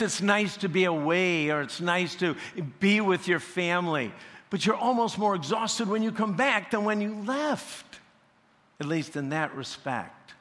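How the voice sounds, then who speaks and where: A male pastor preaching a sermon at a slow, deliberate pace, building to emphatic peaks. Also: fairly high pitch, fairly bright tone. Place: church sanctuary. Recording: long church reverb.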